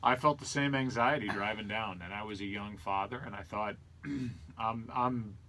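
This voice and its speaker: A man's voice: fairly low pitch, moderate pace, bright, forceful tone, a little hiss or hum. A middle-aged man, a sports broadcaster, telling an earnest, reflective personal story in an interview. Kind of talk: conversational storytelling.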